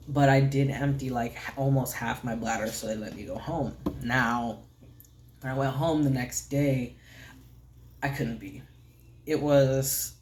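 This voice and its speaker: A man giving a casual, candid vlog update, soft-spoken and rambling with many fillers, often trailing off into a near whisper. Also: medium pitch, a little hiss or hum. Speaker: vlogger.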